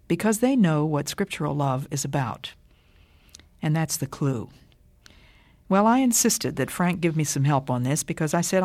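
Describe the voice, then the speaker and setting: An older woman giving a scripted radio Bible talk in a measured, emphatic way. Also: low voice, darkish tone, dry recording. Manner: measured, deliberate, emphatic delivery.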